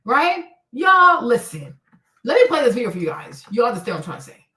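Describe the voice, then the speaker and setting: A woman's voice: a little high, big pitch swings, fairly quick, bright, forceful tone, echoey room, recorded from a distance. A woman hosting a livestream, handing out blunt relationship advice in a brash, profane, mocking way. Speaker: livestream host.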